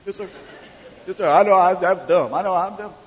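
A frightened teenage boy, as a man puts him on, mumbling meek answers in a high, soft voice. The audio is dull and echoes in a large hall. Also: brisk, lightly acted. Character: scared teenage boy caught speeding.

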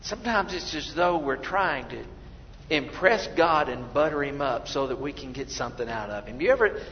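A man preaching a sermon, swinging between loud exclamations and hushed, quiet lines. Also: mid-range voice, expressive, normal speed, slight background noise. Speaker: pastor. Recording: dull lo-fi recording in a reverberant hall.

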